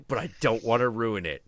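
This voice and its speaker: A man hosting a stream, telling a story in casual chat with lots of swearing, laughter and acted-out quotes. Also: medium pitch. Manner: animated, profane, laughing storyteller. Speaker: stream host.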